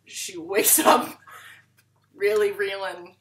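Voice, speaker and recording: A woman's voice: mid-range voice, level tone, slow, echoey room, far from the mic. A woman comedian chatting as a guest in a casual interview, laughing often and trailing off with fillers.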